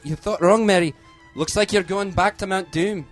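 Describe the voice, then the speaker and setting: Man playing a feeble hobbit lad, Scottish accent, high wailing voice, boastful, comedy sketch. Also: moderate pace, soft background music, lightly acted. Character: feeble, whiny young male hobbit dreaming of adventure.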